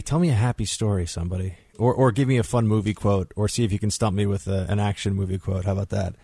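Radio host guy, lowish voice, dry studio mic, chatty and animated telling a story. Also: quick pace, few pauses, husky, no echo. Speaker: radio talk show host. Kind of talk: talk radio monologue.

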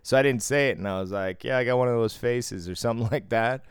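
A man's voice: medium pitch, fast talker, smooth, dry recording, clean studio sound. A man co-hosting a podcast, telling stories in casual chat, laughing often and swearing freely. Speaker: podcast co-host.

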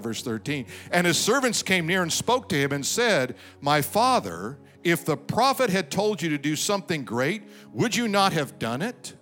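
A man preaching a sermon as pastor, conversational, reading and acting out scripture, then dropping to quiet reflective tones. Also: on the high side.

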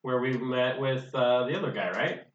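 A man's voice: medium pitch, moderate pace. A man playing a tabletop game casually, joking and laughing often. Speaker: player. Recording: distant echoey muffled mic.

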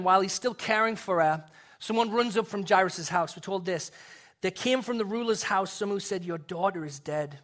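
Guy preaching a sermon, kinda high voice, earnest, goes real soft and quiet to make a point. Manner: earnest, drops to a soft hush for emphasis. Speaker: pastor.

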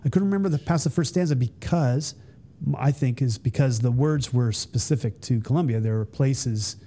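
A man's voice: mid-range voice, normal speed, mellow. A middle-aged American man, a guest, telling stories casually in a rambling, self-interrupting way, doing playful voices for others. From United States. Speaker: guest, Army veteran. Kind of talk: casual storytelling.

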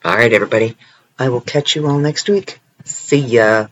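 A podcaster with a Canadian accent chats through a solo episode in a loose, meandering way, trading in dry jokes and filling pauses with ums. The recording sounds a little dull, with faint hiss behind the voice. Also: medium pitch. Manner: rambling and self-deprecating, joking asides, frequent ums. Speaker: podcast host. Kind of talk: casual solo podcast monologue.

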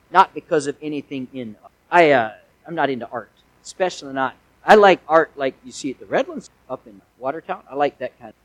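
A man's voice: high-pitched, fairly bright tone, no echo, poor audio. A male pastor delivering a sermon in a conversational way, with folksy asides and emphatic swells.

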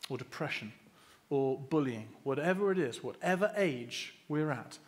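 A man giving a conversational church sermon, acting out quotes and often restarting words. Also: fairly high pitch. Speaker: preacher.

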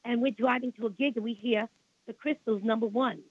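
An older woman with a Brooklyn accent speaks briskly in a husky, steady voice on the high side, with no room sound. As a radio interview guest, she tells long rambling stories, repeating herself and indignant about the past, all over a tinny phone line.

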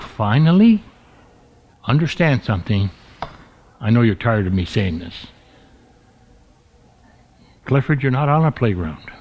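A man preaching a sermon as pastor, stretching key words slowly and dropping his voice low for emphasis. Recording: dull lo-fi recording.

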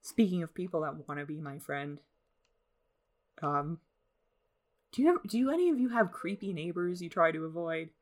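A woman's voice: lowish voice, animated, moderate pace, long pauses. A young woman hosting a casual solo podcast from home, rambling with self-deprecating, sarcastic asides. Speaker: podcast host. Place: home in the suburbs.

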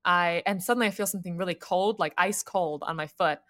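Animated American woman telling a story. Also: lowish voice, fairly quick. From United States. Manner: animated storyteller who laughs often. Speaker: podcast co-host. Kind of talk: casual storytelling chat.

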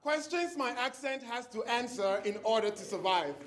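A man's voice: extremely high pitch, animated, moderate pace, hardly any pauses, a bit bright. A man from Ghana with a Ghanaian accent, performing a spoken word poem with rhythmic, emphatic delivery and playful mockery.

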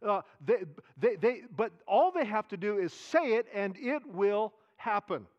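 A man delivers a sermon in a fairly high voice. He preaches with animation, repeating his key phrases for emphasis. He swings between raised emphasis and quiet, hushed asides. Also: sing-song, a little slow, highs cut off. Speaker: pastor.

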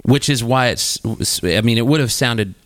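A man's voice: mid-range voice, normal speed, no echo, clean studio sound. A man hosting a podcast, telling crude, casual stories and swearing freely. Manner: animated, profane, jumps into quoted voices. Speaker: podcast host.

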